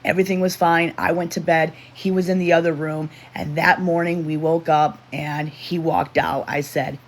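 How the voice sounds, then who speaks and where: A livestream host tells a personal story in a loose, rambling way, stopping to restart sentences and to read the chat. The voice sits in a middle pitch range, neither high nor low. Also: flat delivery, moderate pace. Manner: rambling, with self-interruptions and restarts; emotional retelling, reading chat aloud.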